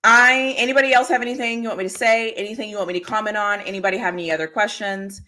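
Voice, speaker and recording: A woman's voice: mid-range voice, steady tone, very fast, bright, forceful tone. A woman hosting a casual livestream, chatting freely, often laughing and answering comments from the chat. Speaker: livestream host.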